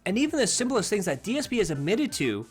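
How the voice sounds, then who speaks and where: A man's voice: high-pitched, huge pitch swings, fast talker, soft background music. A man hosting a commentary video, narrating in a scornful, mocking tone. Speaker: commentary channel host.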